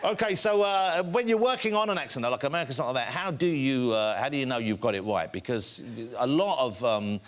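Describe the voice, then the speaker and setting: A man's voice: mid-range voice, animated, a little fast, few pauses, a bit bright. A middle-aged English man hosting a studio chat show, teasing and jokey with his guest. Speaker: talk show host. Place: TV studio with audience. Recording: TV studio with audience noise. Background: studio audience laughing and clapping.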